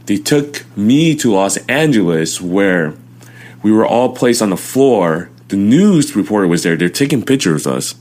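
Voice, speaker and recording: A man in his twenties tells his own story as a guest in an interview. His voice sits very low. He is animated and acts out what others said to him. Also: measured pace. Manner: animated storytelling, acting out quotes loudly.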